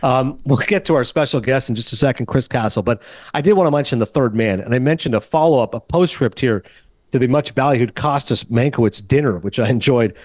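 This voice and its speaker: Fast-talking man, close dry mic. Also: medium pitch, darkish tone, no room sound. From Canada. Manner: fast, chatty storytelling. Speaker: podcast host. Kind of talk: casual movie chat.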